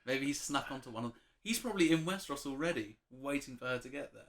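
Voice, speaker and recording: A man co-hosting a casual chat, enthusiastic, with quick bursts of excitement. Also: mid-range voice. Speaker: podcast co-host.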